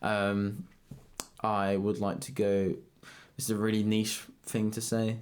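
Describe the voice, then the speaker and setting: A man's voice: fairly low pitch, level tone, slow, a little mellow. A young man in his twenties co-hosting a podcast, chatting casually and rambling with frequent laughs. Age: 20s. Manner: rambling, laughs often, swears. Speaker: podcast co-host. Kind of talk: casual chat.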